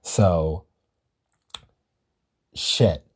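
A man's voice: low voice, extremely slow, darkish tone, slightly rough. A man hosting a solo podcast, talking in a rambling casual way, swearing and correcting himself often. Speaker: podcast host.

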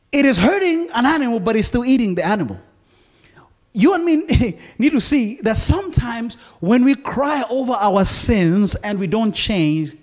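A male preacher giving a sermon, pleading with the congregation and often checking in with them. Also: high-pitched. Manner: impassioned, pleading, often asks "you feel me?".

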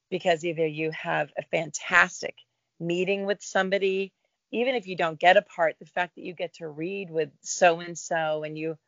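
A middle-aged woman, a guest actor, talking in a relaxed, reflective interview about her career. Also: on the low side, gravelly, dry recording, lo-fi sound. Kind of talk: casual interview chat.

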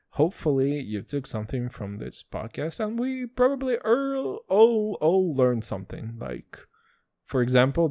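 A young man from Israel rambles through a casual solo podcast, swearing freely and calling his listeners "dude". His voice is lively and swoops up and down. The mic is close and dry, with no room sound. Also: dry recording. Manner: rambling, profane, animated with pitch jumps. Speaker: podcast host.

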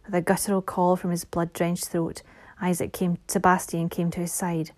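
A woman reads a fantasy novel aloud in a soft, measured voice. Her tone is mellow and rather dark. At times she drops into a hushed whisper. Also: fairly low pitch, little pitch movement. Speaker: audiobook narrator. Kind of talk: scripted fantasy narration.

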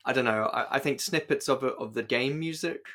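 A man's voice: mid-range voice, moderate pace, pushed and bright. A man co-hosting a podcast in casual chat, hesitant, with many restarts. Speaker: podcast co-host.

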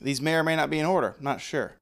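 A man's voice: a little high, fast talker. A man co-hosting a podcast in casual chat, joking and rambling as he lists upcoming matches. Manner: joking, rambling, trails off and restarts. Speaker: podcast co-host. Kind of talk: casual chat predicting wrestling results.

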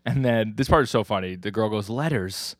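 Brief: low-pitched man, chatty podcast co-host who reads out lines in character. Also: fast talker, no room sound, studio quality. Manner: acts out quoted lines, laughs often. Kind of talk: casual chat recapping comics.

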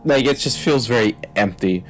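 A man's voice: mid-range voice, expressive, normal speed, low-quality recording. A man talking casually on a podcast, voice sitting in an ordinary middle register. He rambles, leans on "like" constantly and chuckles as he goes. Faint music hums behind him. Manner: rambling, full of "like", laughs while retelling scenes. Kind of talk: casual chat.

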